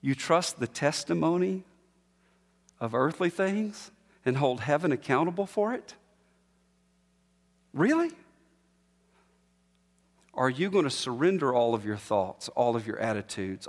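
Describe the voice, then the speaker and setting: A man preaching a sermon as pastor, emphatic, slowing down to stress repeated lines. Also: medium pitch, long reverb tail. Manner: emphatic preaching with slow, drawn-out repetitions.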